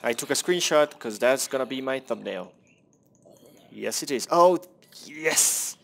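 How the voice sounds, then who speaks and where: Slow, rambling young gamer guy. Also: mid-range voice, animated, vocal fry. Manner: rambling, self-deprecating, swears at the game. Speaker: gameplay commentator. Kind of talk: casual gameplay commentary.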